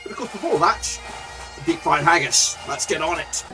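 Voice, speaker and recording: A man hosting his own football management game channel, talking loudly and chirpily while he plays, rambling with many fillers. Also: a little high, animated, moderate pace, music in the background. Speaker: gaming channel host. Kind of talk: casual game commentary.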